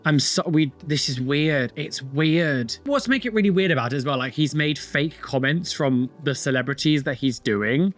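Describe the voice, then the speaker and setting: A man's voice: a little high, moderate pace, hardly any pauses. A man in his thirties hosting a reaction video, exasperated, restarting sentences and repeating himself for emphasis. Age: 30s. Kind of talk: casual reaction commentary.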